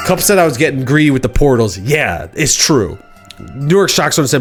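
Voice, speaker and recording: A man's voice: mid-range voice, big pitch swings, normal speed. Guy on a live stream rambling through a goofy made up story, mid voice, bit of music under it. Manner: rambling, playful, self-interrupting. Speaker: streamer host. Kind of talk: improvised comic storytelling.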